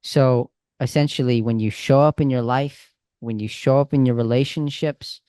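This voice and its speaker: Animated casual male coach, dry sound. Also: mid-range voice, moderate pace, clear, resonant tone, no echo. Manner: casual, animated, talks with friendly slang. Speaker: communication coach. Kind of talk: coaching over a call.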